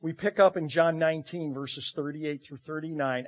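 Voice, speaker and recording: Man, pastor, sermon, husky voice, dramatic pauses, muffled recording. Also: a little high. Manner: expressive, swinging between loud emphasis and quiet asides.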